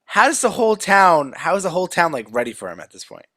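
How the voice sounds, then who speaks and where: A man with a bright, lively voice that swings up and down in pitch, recorded dry and close. He chats casually on a podcast, full of puzzled, incredulous questions. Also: fast talker, no room sound. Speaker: podcast co-host. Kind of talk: casual chat.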